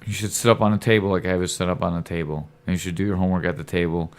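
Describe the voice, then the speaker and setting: A man's voice: low-pitched, fairly even intonation, very fast. A man, a podcast host, giving his son a rambling, earnest fatherly lecture in casual talk, often checking in with "right?". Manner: lecturing, occasional cussing.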